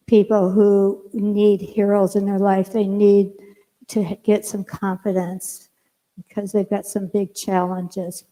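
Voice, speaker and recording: In a long, reverberant church sanctuary, an older female minister delivers a sermon with her mid-range voice. She recounts a vivid personal story, performing her own dialogue as she goes.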